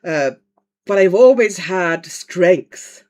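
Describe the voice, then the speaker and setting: A woman's voice: fairly low pitch, lively intonation, slow pace, darkish tone. A woman from Estonia, chatting casually at home on a livestream while colouring and answering viewer comments. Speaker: livestream host, colouring artist.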